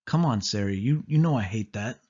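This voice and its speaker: A man's voice: fairly low pitch, expressive, fairly quick, a little mellow, breathy edge. A man voicing a cautious young boy who protests anxiously in a storybook reading. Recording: dull lo-fi audio.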